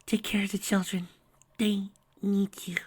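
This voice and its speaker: A man voicing a timid, gentle pegasus mare, frail and dying, in a high breathy whisper. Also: little pitch movement, measured pace. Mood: faint, tender.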